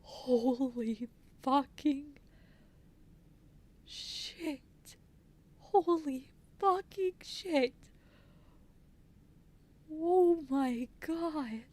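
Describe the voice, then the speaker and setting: A woman streamer reacting live to a game, swearing and exclaiming loudly. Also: high-pitched, very slow, pauses often.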